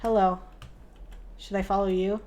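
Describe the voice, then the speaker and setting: A woman's voice: medium pitch, little pitch movement, normal speed, dark tone, muffled recording. A young woman streaming a game, chatting casually in a playful, giggly, rambling way and poking fun at herself.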